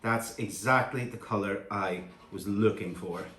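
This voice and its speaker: A man's voice: lowish voice, measured pace, a bit bright. A man hosting a home cooking demonstration, talking chattily and admiring the food as he goes. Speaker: cooking show host. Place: home kitchen. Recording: echoey room with faint kitchen clatter.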